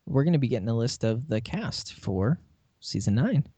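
A man's voice: medium pitch, animated, normal speed, warm tone, husky, no room sound. A man co-hosting a podcast in casual chat, joking and laughing as he rambles. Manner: jokey, laughs often, rambling restarts. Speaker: podcast co-host.

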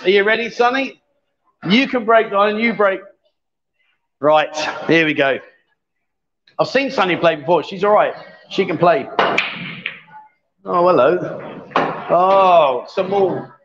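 A man livestreams from a busy bar with a pool table, chatting and bantering in a jokey, casual way. His voice is high and slow, with long pauses, and the audio is lo-fi over a noisy background.

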